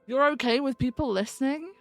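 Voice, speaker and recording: Gravelly-voiced woman teasing in role-play. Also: high voice, brisk, dry recording, soft background music. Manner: teasing, laughs often, trailing fillers. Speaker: police lieutenant role-player. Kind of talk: casual in-character role-play chat.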